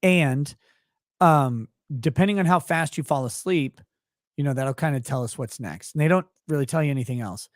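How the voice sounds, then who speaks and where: A man telling a story as a guest in a casual conversation. He talks in an animated, profane way, laughs often, and sounds tired, yawning as he talks. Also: on the high side, normal speed, no room sound, clean studio sound. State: tired, yawning while talking. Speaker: podcast guest.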